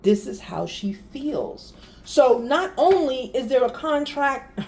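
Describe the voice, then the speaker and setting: A woman's voice: sits high, sing-song, slow, a little mellow. A woman doing a casual spiritual card reading, talking straight to viewers with laughs and exasperated asides. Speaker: tarot reader.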